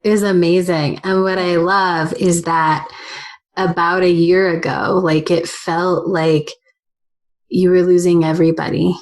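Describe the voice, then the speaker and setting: Low-voiced woman podcast host. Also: little pitch movement, a little slow. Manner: supportive, brief affirmations. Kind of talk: casual conversation.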